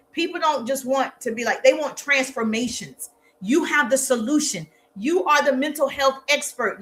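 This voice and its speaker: A woman's voice: high-pitched, sharp tone. A woman marketing coach giving an emphatic, playfully sarcastic motivational lesson. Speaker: social media marketing coach. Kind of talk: live motivational teaching talk.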